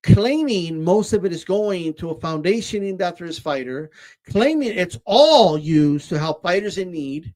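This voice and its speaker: A man's voice: high-pitched, lively intonation, a little slow, darkish tone. A man hosting casual boxing commentary, ranting with rhetorical questions and repeated words. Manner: ranting, rhetorical "right?" tags, repeats words, says "bro".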